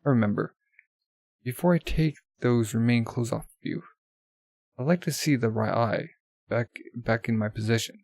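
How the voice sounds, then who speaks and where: A man reading the lines of a cold, possessive male president from a comic, in a flat read-aloud manner. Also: medium pitch, moderate pace, gravelly, long pauses, dry recording. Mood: demanding.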